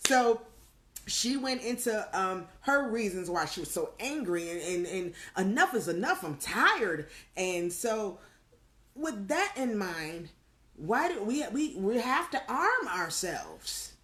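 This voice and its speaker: A middle-aged woman co-hosting a live online chat show, telling stories in a loose, lively way and slipping into the voices of the people she quotes. Her voice sits in a middle register. The sound has a roomy echo, typical of a video call from home. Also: mid-range voice, takes it slowly. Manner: animated storyteller, acts out quotes. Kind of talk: casual chat, storytelling.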